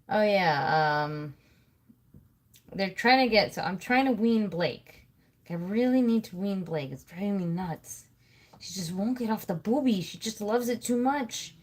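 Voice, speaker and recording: A woman in her thirties hosting a casual livestream from home, rambling and swearing freely while she works at her computer. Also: mid-range voice. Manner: chatty, swears freely, thinks aloud. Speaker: livestream host.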